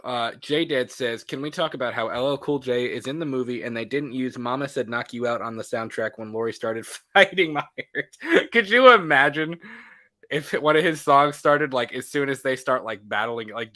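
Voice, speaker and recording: A man co-hosting a casual movie podcast, laughing often and acting out scenes in quick voices. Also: mid-range voice, bright, forceful tone. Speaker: podcast co-host.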